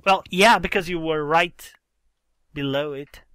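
A man hosts a casual let's-play, grumbling and exclaiming as things go wrong. His voice sits a little high and bright, swinging widely in pitch at a slow, unhurried pace. The sound is dry and close. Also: no echo. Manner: exasperated, exclaiming, explaining game mechanics. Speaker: gaming channel host.

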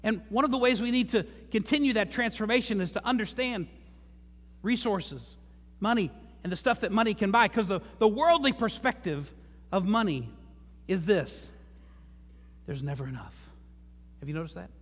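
A pastor preaching in a church sanctuary, his voice high for a man and bouncing off the walls in a long reverb. He talks to the room conversationally and slips in joking asides. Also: expressive, normal speed, fairly bright tone. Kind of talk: sermon.

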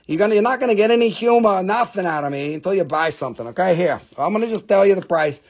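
High, gravelly joking rock seller. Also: male voice, animated, fast. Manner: rambling, profane, self-mocking jokester. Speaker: live-stream mineral seller. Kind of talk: joking live sales banter.

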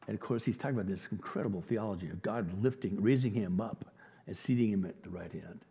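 A male pastor preaching a sermon, telling the story in an animated way and acting out the quotes with chuckles. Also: on the low side, fast talker, vocal fry. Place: church sanctuary. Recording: long reverb of a large hall.

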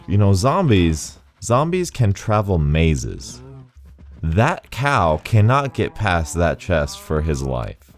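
With a bass voice that swings wildly in pitch, this man talks slowly over a little hiss or hum. He's hosting a gaming video, chatting and rambling with frequent laughter while playing, as faint game music runs underneath.

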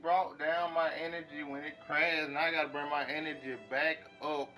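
A man's voice: fairly high pitch, level tone, normal speed, few pauses, bright, forceful tone, faint music behind. A man doing playful, theatrical commentary over a video game from his small bedroom. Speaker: gaming commentator. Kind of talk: let's play commentary.

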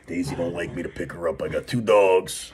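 A man's voice: deep voice, fairly quick, background noise. A man hosting a wrestling vlog, talking in a loose, rambling way with lots of fillers. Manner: rambling, filler-heavy, laid-back. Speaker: wrestling show host. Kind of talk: casual vlog.

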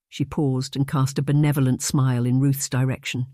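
A man narrating a period romance audiobook in a measured storytelling manner on a close microphone. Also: mid-range voice, level tone, warm tone, no echo. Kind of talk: scripted narration.

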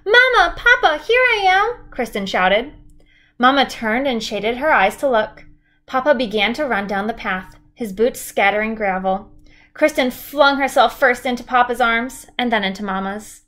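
Woman teacher reading a chapter book aloud, steady, clear, slightly high voice. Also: normal speed.

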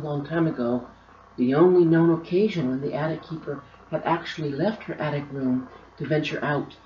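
A woman, the author, reading her own storybook aloud with expressive, drawn-out emphasis. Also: low-pitched, slight background noise. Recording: roomy, slightly dull recording.

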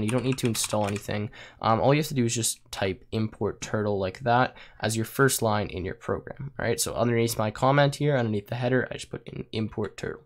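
A young man with a raspy voice he says he is losing, casually walking through a coding tutorial with plenty of ums and likes. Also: mid-range voice, slight background noise. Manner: casual, with fillers like um and like. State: losing his voice. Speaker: programming tutor. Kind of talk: screen-recorded coding tutorial.

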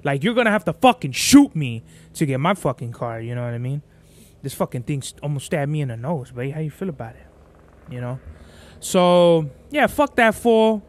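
A man's voice: on the high side, very animated, moderate pace. A young man hosting a podcast, telling a rambling, profane story in street slang. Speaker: podcast host. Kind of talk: casual solo podcast storytelling.

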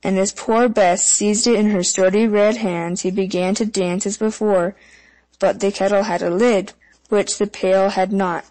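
A woman narrating a fairy tale audiobook in an even, measured storytelling manner. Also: mid-range voice, low-quality recording.

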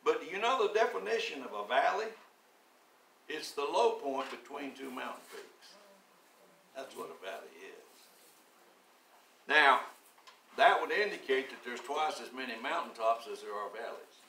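A man in his seventies preaching a sermon, telling his story slowly and deliberately, then building to emphatic, rising declarations. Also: medium pitch, very animated, bright, forceful tone, reverberant, distant mic, a little hiss or hum. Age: 70s. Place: church sanctuary.

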